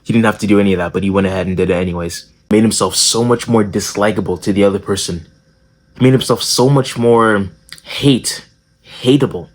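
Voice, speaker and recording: A man's voice: fairly low pitch, fairly quick. A young man hosting a casual social skills video. He tells the story in a joking, profane way, with plenty of slang and self-corrections.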